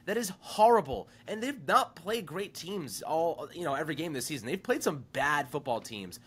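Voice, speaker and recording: Emphatic bright-voiced male football analyst. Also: on the high side, big pitch swings, moderate pace, slightly rough. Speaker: sports podcast co-host. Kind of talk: casual sports talk.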